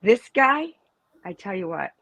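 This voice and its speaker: A middle-aged woman, mother of a student, tells stories emphatically in a casual interview, often restarting her sentences. Her medium-pitched voice is gravelly, pushed and bright, with wide pitch swings and an unhurried pace; the recording is dry and rough.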